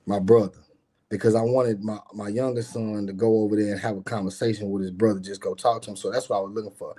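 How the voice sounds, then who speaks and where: A man's voice: on the low side, dark tone, husky. A middle-aged man, a guest on a live stream, telling a personal story in a casual, emphatic and profane way, often turning to speak straight to his listeners.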